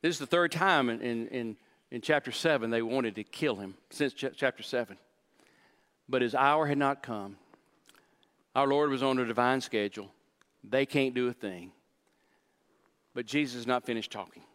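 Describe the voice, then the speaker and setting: A male pastor delivers a sermon with a middle-pitched voice. He explains scripture line by line. His intensity swells and drops, and he trips into quick restarts when he presses a point. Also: a bit bright. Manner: emphatic preaching, explaining scripture verse by verse; rising and falling intensity, with short stammered restarts.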